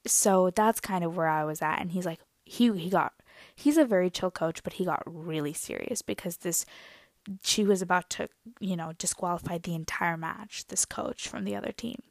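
Woman podcast host: chatty storyteller with a gravelly edge, dry close sound. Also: on the low side, normal speed, dry recording. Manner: chatty and rambling, full of "I mean" and "you know". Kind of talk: casual solo podcast storytelling.

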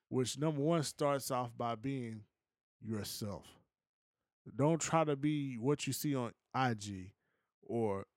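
A man co-hosting a podcast, giving his opinions in a relaxed, slangy, casual chat. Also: medium pitch, no room sound, clean studio sound. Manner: laid-back, opinionated, slangy. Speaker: podcast co-host.

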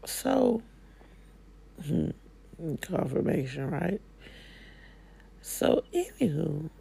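Slow-talking woman with a real husky rough voice, folksy slang, chatting from her living room. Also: low voice, big pitch swings, dark tone. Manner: folksy, drawling, slangy Southern-style speech. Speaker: spiritual coach. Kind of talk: casual motivational talk.

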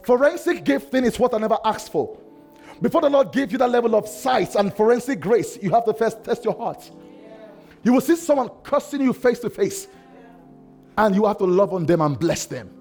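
A male pastor delivers an impassioned sermon in a notably high voice. He swings from shouted cries to hushed, quiet lines. Soft music plays faintly under him. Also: expressive, normal speed.

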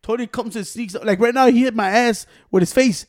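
Podcast co-host: Mexican-American man, high voice, quick and profane, mixes in Spanish. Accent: Mexican-American English, switching into Spanish. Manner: profane, animated storyteller. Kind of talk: casual podcast banter.

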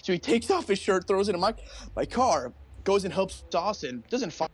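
With a high, husky voice at normal speed, a young man co-hosts a casual podcast. His storytelling is animated, packed with profanity and acted-out quotes.

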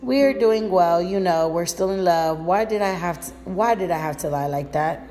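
A woman's voice: lowish voice, moderate pace, warm tone, in a large hall, lightly acted. A woman voicing a shy, nervous young woman before her first date in a read-aloud story. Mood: friendly. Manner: hesitant and anxious.

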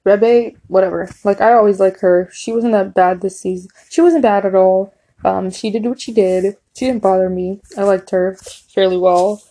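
A young woman casually reviewing a TV season, talking in an animated, gushing way and quoting characters in her own voice. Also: mid-range voice, normal speed. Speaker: TV show reviewer.

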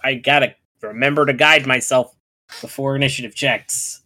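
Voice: mid-range voice, steady tone, moderate pace, bright, forceful tone, a little hiss or hum. Laid-back joking tabletop player. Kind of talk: casual chat at a game table.

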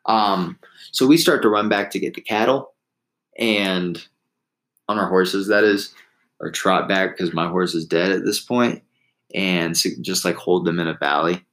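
A man's voice: sits low, measured pace, a bit bright, poor audio. A man casually telling a long story, rambling with restarts and laughing at himself.

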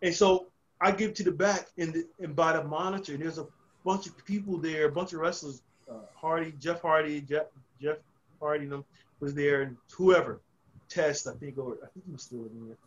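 Man, podcast guest, casual storytelling, swears a lot, rambling restarts, slightly high voice, muffled lo-fi sound. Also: moderate pace. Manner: profane, rambling with frequent restarts.

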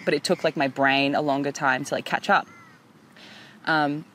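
A woman hosting a podcast outdoors by the water, telling an animated story, swearing and acting out voices. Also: low voice, normal speed, long pauses, slight background noise. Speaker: podcast host. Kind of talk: casual storytelling chat.

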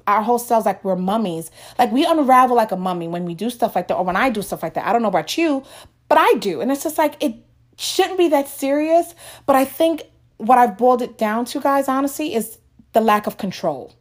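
A woman in her thirties from the United States, chatting to viewers in a casual storytelling vlog, animated and often laughing as she talks. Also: a little high. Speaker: vlogger.

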